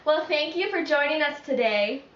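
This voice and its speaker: A woman's voice: sits high, lively intonation, moderate pace, roomy sound, muffled recording. A woman with a Chicago accent asking her boyfriend accent questions in casual, joking chat, swearing freely. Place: home room.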